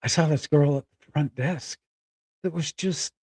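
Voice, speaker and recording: A middle-aged man telling a personal story candidly, halting and close to tears. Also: on the high side, darkish tone, husky, dry recording. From Spokane, Washington. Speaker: guest.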